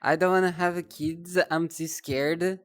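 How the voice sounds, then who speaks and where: A young woman on a live stream talks in a slow, drawn-out way, her voice sitting a little low. She rambles, pokes fun at herself and trips over repeated words as she chats. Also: fairly even intonation. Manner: rambling, self-deprecating, stumbles and repeats words. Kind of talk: casual live-stream chat.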